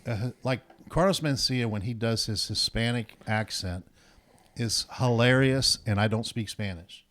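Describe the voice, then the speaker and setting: A man's voice: medium pitch, measured pace, a bit bright. A man with a Midwestern American accent, explaining his views in a chatty, casual podcast conversation. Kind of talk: casual chat.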